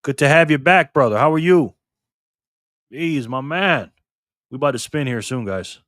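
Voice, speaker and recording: Livestream host, man, mid pitch, casual and upbeat, greets viewers by name, dry close recording. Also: animated, moderate pace, a bit bright, no room sound. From Rochester, New York. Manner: friendly, upbeat, reads chat aloud and greets viewers by name. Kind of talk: casual live stream chat reading viewer comments.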